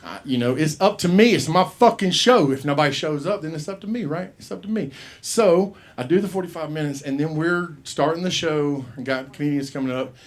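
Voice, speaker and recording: His pitch fairly high and his pace fairly quick with few pauses, a man emcees an open mic at a comedy club on a handheld mic. The set is loose, profane and rambling, with voices acted out in the quoted parts.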